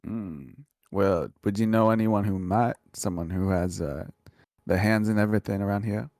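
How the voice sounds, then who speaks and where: A man's voice: on the low side, moderate pace, a little mellow, no room sound, clean studio sound. A man playing a tabletop game, speaking in character in a hesitant way. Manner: gravelly, hesitant. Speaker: player.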